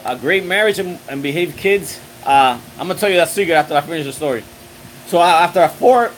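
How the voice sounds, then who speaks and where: A man's voice: fairly high pitch, a little hiss or hum, poor audio. A man casually hosting a live stream, chatting loosely and greeting viewers, with frequent restarts and fillers. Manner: rambling, loose and friendly, full of restarts and fillers. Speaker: livestream host answering viewer chat. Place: outdoors on a windy day.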